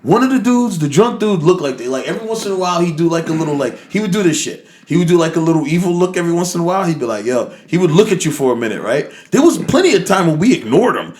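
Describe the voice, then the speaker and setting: A man's voice: fairly high pitch, racing, hardly any pauses. A man with an American accent, co-hosting a podcast and telling a story among friends, acting out every person in it with lots of slang and swearing. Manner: animated, acts out the people in his story, heavy slang, swears a lot. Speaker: podcast co-host.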